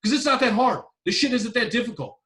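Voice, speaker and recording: A man's voice: extremely high pitch, expressive, quick pace, a bit bright, recorded from a distance. A man hosting a relationship advice podcast, ranting bluntly and swearing constantly as he repeats his points. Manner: profane, emphatic, repetitive ranting. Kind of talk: blunt advice-show rant.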